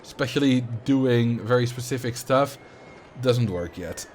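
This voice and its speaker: A man's voice: medium pitch, unhurried, darkish tone, a little hiss or hum. A man with a Dutch accent chatting casually as a streamer while playing a game, rambling and answering viewer questions.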